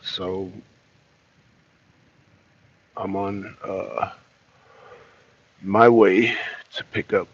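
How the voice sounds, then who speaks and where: Male host, slangy and full of fillers, lowish pitch, lo-fi phone sound. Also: level tone, extremely slow, pauses often, breathy edge. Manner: rambling, loose and slangy, many fillers. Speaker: political talk show host. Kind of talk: casual solo vlog commentary. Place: at home and in his car, garage.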